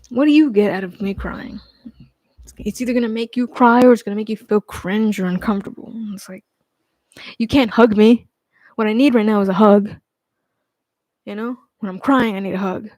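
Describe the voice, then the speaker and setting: A man chatting casually on a livestream, rambling and hesitant with lots of fillers, restarts and casual swearing, often trailing off quietly. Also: high-pitched, normal speed, pauses often, no room sound.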